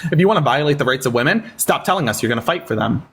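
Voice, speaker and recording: A man's voice: mid-range voice, lively intonation, racing, slightly rough. A man hosting a live-stream debate, sarcastic and taunting with callers, thanking viewers in casual chat. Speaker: livestream debate host.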